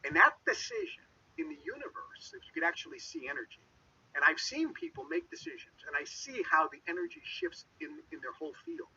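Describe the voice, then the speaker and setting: A man giving a dramatic motivational talk, swinging between loud emphasis and hushed whispers, with a husky voice. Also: a little high, huge pitch swings, a little fast, slight background noise. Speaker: motivational speaker. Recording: dull lo-fi sound, mic set far off.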